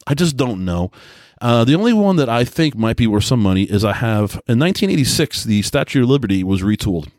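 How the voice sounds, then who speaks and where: A man's voice: medium pitch, big pitch swings, brisk, darkish tone, no room sound, clean studio sound. A man in his forties hosting a solo podcast, telling loose, self-deprecating stories with many restarts and filler words. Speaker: podcast host. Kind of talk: casual solo podcast monologue.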